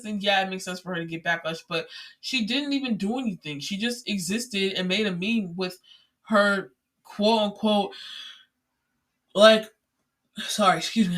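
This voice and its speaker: Bright-voiced, chatty young podcast host. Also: mid-range voice, brisk. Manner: chatty, rambling, many filler words; exasperated ranting. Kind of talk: casual solo podcast monologue.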